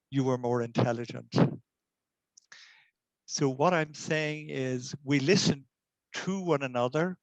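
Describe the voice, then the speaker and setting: An older man speaks in a measured, earnest storytelling way, with his voice sitting in a middling pitch. The sound is dry and close, with no room echo. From Ireland. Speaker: community education lecturer. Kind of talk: reflective talk to camera.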